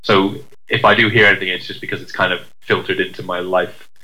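A man's voice: sits low, flat delivery, fast, bright, forceful tone, rough recording. A man from the UK, co-hosting a casual chat, rambling and self-deprecating with many fillers and restarts. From United Kingdom. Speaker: podcast co-host.

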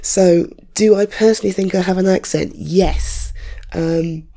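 A woman from North London with an English accent that has drifted from how she grew up, chatting in a rambling, self-deprecating way on a home recording setup; her voice sounds rough today. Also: fairly low pitch, unhurried, mellow. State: rough, off-colour voice. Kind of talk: casual chatty monologue.

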